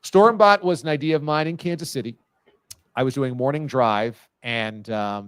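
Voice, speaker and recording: A man in his forties hosting a live sports talk show, telling stories with lively delivery and frequent laughs. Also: medium pitch, brisk, no echo. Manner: lively, storytelling, laughs often. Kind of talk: casual live show chat.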